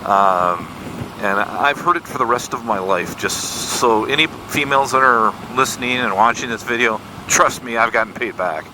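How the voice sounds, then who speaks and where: A man's voice: medium pitch, moderate pace. A man around sixty telling an embarrassing story in a folksy, self-deprecating way while out riding his motorcycle. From Michigan, USA. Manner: folksy, self-deprecating, animated retelling of dialogue. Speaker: motorcycle vlogger. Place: outdoors on a motorcycle on country roads. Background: faint road and vehicle noise.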